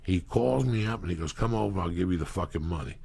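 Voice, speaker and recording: A middle-aged guy from New Jersey, appearing as a storyteller guest, spins wild stories in casual talk, swearing constantly. His deep, gravelly, rough voice moves fast, and he animates the tale by acting out the quotes.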